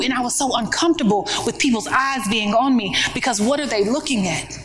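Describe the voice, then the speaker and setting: A woman delivers a motivational keynote to an audience in a conference room, speaking emphatically in a conversational, preaching style full of rhetorical questions. Her voice is fairly high, a little fast and fairly bright, and the poor audio carries slight background noise.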